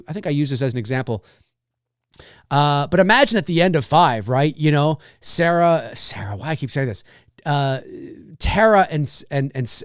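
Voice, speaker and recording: A man hosting his own horror film talk show, talking casually and with animation, and swearing as he acts out excited reactions. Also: fairly high pitch, clean tone, no room sound, clean studio sound. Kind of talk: casual solo commentary.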